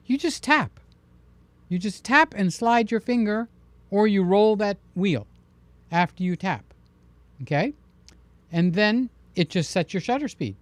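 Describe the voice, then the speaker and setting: A man talks through a live stream in a loose, joking manner, jumping up in pitch when he gets excited. His voice sits in a middling range and sounds dry and close to the mic. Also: no echo. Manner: chatty, jokey, animated, with many fillers. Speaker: camera channel host. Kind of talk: casual live stream chat.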